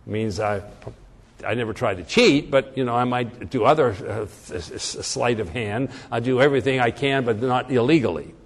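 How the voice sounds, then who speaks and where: A man teaching a class, pausing to act out sample sentences with different emphasis. His voice sits at an ordinary pitch, and a long reverb from a hall trails behind every phrase. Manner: illustrates points by acting out example phrases. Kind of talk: classroom lecture.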